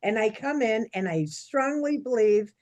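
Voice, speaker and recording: Woman, podcast co-host, animated storyteller, higher-pitched voice. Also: a little slow. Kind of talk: casual chat.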